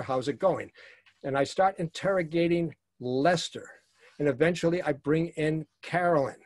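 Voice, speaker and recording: A man's voice: fairly high pitch, dry recording, studio quality. A man teaching a workshop to actors and directors, speaking emphatically and repeating his key phrases.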